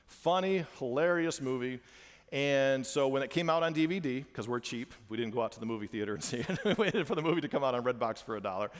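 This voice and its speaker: A man and father giving an animated church presentation to parents, repeating phrases for emphasis, in a church hall. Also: mid-range voice, fast.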